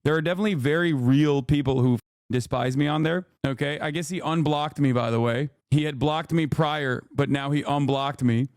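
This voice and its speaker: A man's voice: a little high, fairly quick, a little mellow, no echo, studio quality. A man streaming from home, ranting and mocking his chat in a profane, casual commentary.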